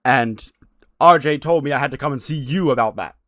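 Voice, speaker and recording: A man voicing a brash male wrestling champion, loud and complaining. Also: mid-range voice, a little fast, dry recording, clean studio sound, pitched above the performer's own voice, lightly acted. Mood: indignant.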